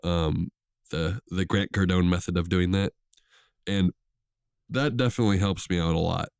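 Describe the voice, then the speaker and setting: A male co-host with a very low voice, a bit under the weather, thinking aloud in a loose, hesitant, reflective way. The recording is dry and close-miked. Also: fairly even intonation, normal speed, creaky, a little mellow, clean tone, no room sound. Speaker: podcast co-host. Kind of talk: casual podcast chat.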